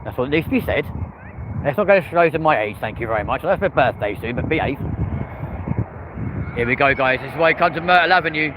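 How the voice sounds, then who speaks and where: A man, giving excitable live commentary outdoors by an airport and chatting with viewers by name. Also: fairly high pitch, fairly quick, long pauses. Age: early 30s. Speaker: live-stream plane-spotting host. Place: outdoors near a busy airport and street. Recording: outdoor stream with loud traffic and urban noise.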